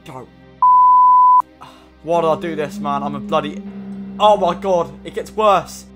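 Excitable young man gaming. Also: on the high side, a little slow, music in the background. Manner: excitable, swears mildly, groans and shouts at the game. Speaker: gaming YouTuber. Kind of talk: casual gaming commentary.

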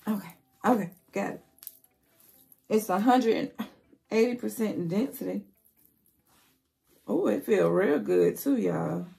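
Woman beauty vlogger, unhurried delivery, chatty and playful, faint music under her. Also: medium pitch, vocal fry, dark tone. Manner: chatty, playful, talks straight to viewers. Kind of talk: casual wig review vlog.

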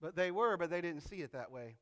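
A man preaching a sermon in an animated, conversational way, acting out quoted voices. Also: on the high side, a little fast. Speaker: pastor.

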